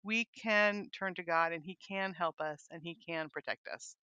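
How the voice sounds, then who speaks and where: A woman co-hosting a casual devotional chat, talking eagerly in quick bursts. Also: lowish voice, bright, forceful tone, clean tone, dry recording. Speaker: podcast co-host. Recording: dull, dry close mic.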